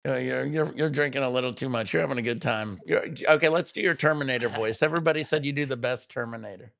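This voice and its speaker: A man's voice: mid-range voice, fast, creaky, fairly bright tone, dry recording, clean studio sound. A man hosting a casual live stream chat, teasing his guests and laughing often. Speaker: stream host.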